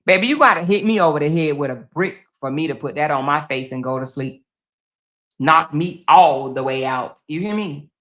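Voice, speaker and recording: A woman talks straight to her viewers in a loud, bright, forceful voice. She is blunt and profane and laughs often while chatting casually and reading comments on her live stream. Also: deep voice, moderate pace.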